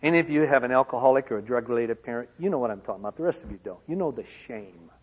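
Husky man telling his story. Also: medium pitch, rapid-fire. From Michigan, USA. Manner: dramatic swings from loud to hushed. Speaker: speaker. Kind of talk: personal testimony speech. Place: large auditorium. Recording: long hall reverb.

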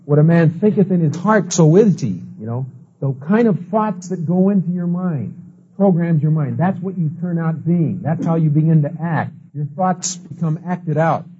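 Husky man lecturing with stories. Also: fairly high pitch, normal speed, warm tone. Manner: storytelling, acts out quoted people. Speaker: class teacher. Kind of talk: lecture with anecdotes. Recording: dull lo-fi recording.

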